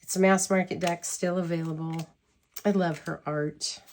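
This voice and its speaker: Giggly low-voiced woman gushing. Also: steady tone, normal speed, darkish tone, a little hiss or hum. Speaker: tarot deck reviewer. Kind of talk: casual chat to camera.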